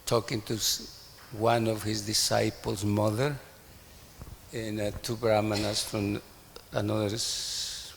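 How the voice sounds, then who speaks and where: A man's voice: on the low side, little pitch movement, takes it slowly, gravelly, in a large hall, background noise. A man in a class telling an anecdote, acting out the quoted dialogue as he goes. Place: temple hall.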